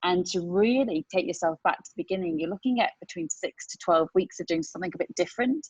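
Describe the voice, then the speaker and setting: Emphatic low-voiced woman on a podcast. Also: fast talker, breathy edge, dry recording. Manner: animated, emphatic storytelling. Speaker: medical professional guest. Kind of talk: casual podcast chat. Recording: dull dry podcast audio.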